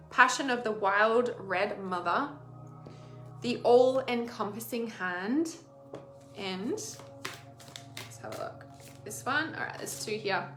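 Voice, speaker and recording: Bright-voiced chatty woman in a roomy space. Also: fairly high pitch. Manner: rambling, chatty, laughs often, frequent "like" fillers. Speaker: intuitive healer giving an oracle card reading. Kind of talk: casual spoken card reading.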